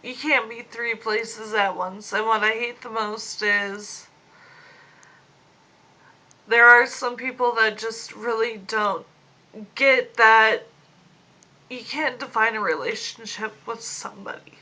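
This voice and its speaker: A woman in her late twenties speaking a personal video diary into a phone, grieving, slow and halting, fighting back tears. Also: a little high, bright, forceful tone, rough recording. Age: 20s. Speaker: vlogger. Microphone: phone camera.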